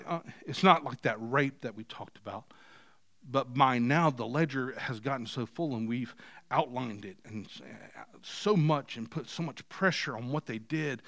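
A male pastor preaching a sermon, moving from quiet scripture reading to loud, emphatic points. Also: fairly high pitch, dry recording, clean studio sound. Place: church.

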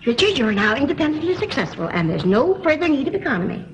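An actress playing a fussy, doting old mother in an old film, fond of her grown son and quick to laugh through tears. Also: high voice, big pitch swings, slight background noise, poor audio. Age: older.

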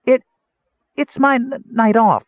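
A squeaky stammering mouse. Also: male voice, slow, no echo. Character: kender turned into a small mouse, frantic. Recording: tinny, phone-like, dry.

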